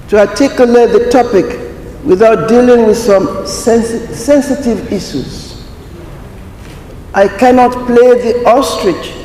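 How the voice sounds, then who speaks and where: A man giving a formal prepared speech at a conference, slow and deliberate, stressing key words. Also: sits high, dark tone, a little hiss or hum. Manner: slow, deliberate, emphatic delivery. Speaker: conference speaker. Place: large conference hall. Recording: echoey hall, faint ambience.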